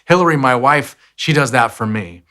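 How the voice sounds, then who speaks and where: A man's voice: mid-range voice, lively intonation, normal speed, sharp tone. A man in his thirties hosting a podcast, giving an earnest, reflective teaching talk that tells stories and repeats key phrases.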